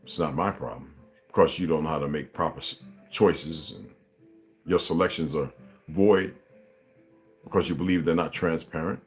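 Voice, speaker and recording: A man's voice: rumbling low, moderate pace, long pauses, soft background music. A man hosting a livestream, talking casually to his viewers in a rambling, preachy and profane way. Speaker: livestream host.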